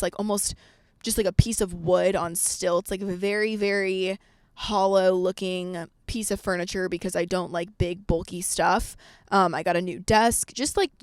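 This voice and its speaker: A young woman rants through a story on her podcast, cursing often and replaying her own past lines with plenty of energy. Her voice sits at an ordinary middle pitch for a woman. The sound is close and dry, with no room echo. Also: clean tone. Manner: animated, swears a lot, acts out her own past lines. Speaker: podcast host.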